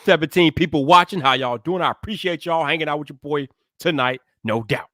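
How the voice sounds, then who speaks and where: A man hosting a tech podcast live, chatting casually with viewers and greeting them by name, then hyping his intro with shouted energy. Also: a little high, brisk, no echo, clean studio sound.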